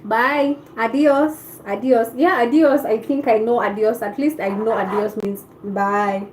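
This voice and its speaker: A woman's voice: on the high side, fairly even intonation, unhurried, slight background noise, low-quality recording. A woman from Kenya with a Kenyan accent, hosting a casual live stream and chatting back to viewer comments.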